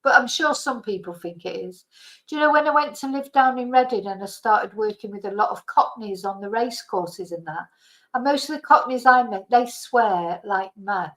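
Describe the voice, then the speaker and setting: A middle-aged woman from Manchester, England, hosts a livestream, chatting casually with viewers in a Mancunian accent and laughing often. Her voice is medium-pitched and fairly bright, at a moderate pace, on a low-quality recording.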